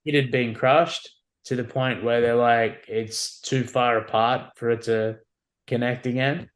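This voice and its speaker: A man's voice: mid-range voice, steady tone, a little slow. A man in his forties talks as a podcast guest in a mid-range voice. He tells his stories in a candid, wry, casual way. He keeps checking in with "you know what I mean". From Australia. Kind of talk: casual conversational storytelling.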